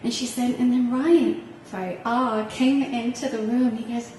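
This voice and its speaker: A woman's voice: fairly high pitch, fairly even intonation, unhurried, dark tone, slight background noise. A middle-aged woman, a parent on a panel, telling a heartfelt personal story with some laughter, recorded from a distance in a hall. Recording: echoey room heard from far off.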